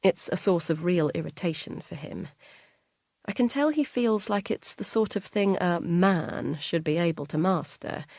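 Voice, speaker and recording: A woman narrating an audiobook in the first person, measured and quietly tense. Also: lowish voice, dry recording, clean studio sound.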